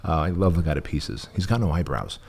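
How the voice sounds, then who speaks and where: A man's voice: extremely low pitch, animated, fairly quick, crowd noise. A man from Armenia, the guest in an interview, telling his story bluntly and with profanity. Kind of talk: candid interview talk.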